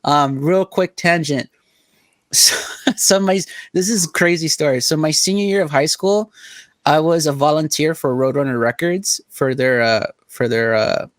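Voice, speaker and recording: With a slightly high voice at normal speed and no echo, this young Southern Californian co-hosts a podcast. His casual talk is a string of meandering, foul-mouthed anecdotes loaded with "like."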